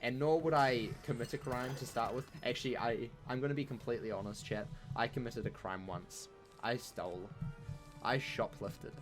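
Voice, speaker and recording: Over music, a man with a mid-range voice streams a game at a moderate pace. He chats casually with his viewers, playful and jokey, rambling along with plenty of fillers.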